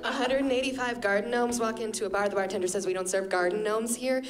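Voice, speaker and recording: A woman improvising stand-up jokes on stage, delivering punchlines briskly. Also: fairly high pitch, heavy background noise. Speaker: improv comedy performer. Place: comedy theater stage.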